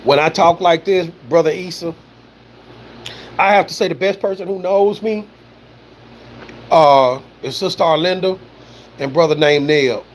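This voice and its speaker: During a livestream, a man with a high voice reads out viewer comments and chats loosely, full of "you know," "man" and profanity, as casual commentary. A little hiss or hum sits under the audio.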